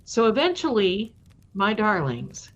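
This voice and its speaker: A woman's voice: medium pitch, sing-song, slow pace. A woman hosting a live stream, chatting affectionately with viewers and telling spooky stories in a casual way. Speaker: live-stream storyteller host. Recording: dull lo-fi stream audio.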